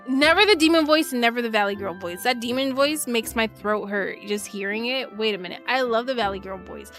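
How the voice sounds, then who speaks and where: Woman streamer, voice a bit high, joking, casual, swears, faint game music underneath. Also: a little fast. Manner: joking, playful, swears freely, quiet asides and loud bursts. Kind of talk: casual live-stream chat while playing.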